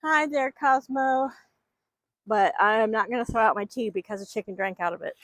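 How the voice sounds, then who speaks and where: Chatty chicken lady rambling outside, kinda high voice, dry close mic. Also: normal speed, a bit bright, dry recording. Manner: rambling, chatty, talks to her hens. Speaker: backyard chicken keeper. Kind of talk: casual vlog chat. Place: outdoor chicken yard. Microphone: microphone.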